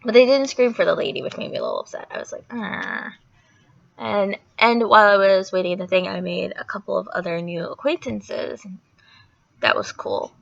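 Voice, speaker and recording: With vocal fry in her medium-pitched voice, a young woman vlogger speaks briskly despite a sore throat. Her retelling of a story is chatty, animated and rambling, heavy on fillers, and the lo-fi recording sounds dull.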